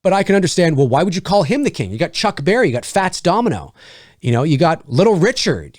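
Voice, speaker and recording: A man's voice: fairly high pitch, very animated, fast, darkish tone, no echo, studio quality. A man from Canada giving a casual, profane film review monologue, acting out imagined critics as he goes.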